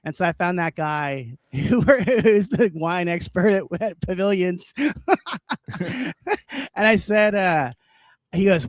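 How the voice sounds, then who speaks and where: On a livestream, this co-host tells stories in a comedic, casual way, cursing, ranting and breaking into frequent laughter. His voice sits high, he keeps a measured pace, and there is no echo.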